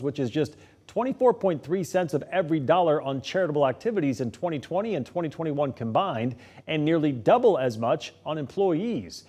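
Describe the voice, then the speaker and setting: Man reading the late news. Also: on the high side. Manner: steady, measured delivery. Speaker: news anchor.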